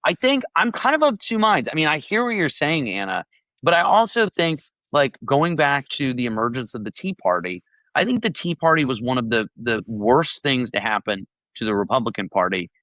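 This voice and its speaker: A man co-hosting a political podcast, thinking aloud in a lively, casual way. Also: mid-range voice, moderate pace, no echo. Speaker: podcast co-host.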